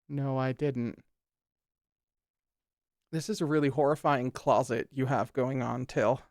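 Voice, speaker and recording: A man's voice: mid-range voice, fairly even intonation, slow pace, long pauses, no room sound, clean studio sound. A man hosting a show who reads a text aloud and breaks off into sarcastic, exclamatory commentary, swearing casually. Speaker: host. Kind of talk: reading aloud and reacting with commentary.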